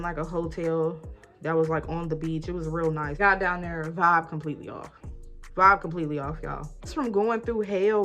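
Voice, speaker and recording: Young woman, casual get-ready-with-me storytime, emphatic and animated, acts out the arguments, lowish voice. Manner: animated, emphatic storytelling, often addressing listeners as y'all; acts out both sides of arguments, rising loud when retelling fights. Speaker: vlogger.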